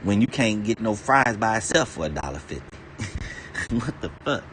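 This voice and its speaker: Man, lowish voice, loose profane rambling rant, streamer energy, faint background noise. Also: very animated, normal speed, a bit bright. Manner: profane, laughs between lines, digresses freely.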